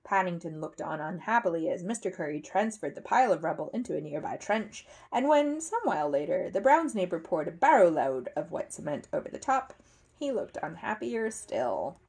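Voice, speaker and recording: A woman reads a children's story aloud with a lively, rising and falling melody. Her tone is slightly husky and breathy. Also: fairly low pitch, normal speed. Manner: expressive, animated. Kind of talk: reading a children's book aloud.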